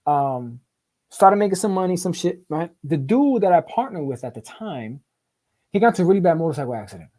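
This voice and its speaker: A man's voice: fairly high pitch, very animated, brisk, dark tone. A man telling his life story as a podcast guest, in profane street slang, often asking "right?" and repeating words in bursts. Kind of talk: casual storytelling interview.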